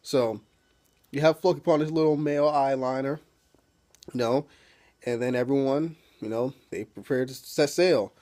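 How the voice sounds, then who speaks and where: A man's voice: medium pitch, fairly even intonation, moderate pace, darkish tone. A man casually recapping a TV episode as a reviewer, rambling with many fillers and swearing freely.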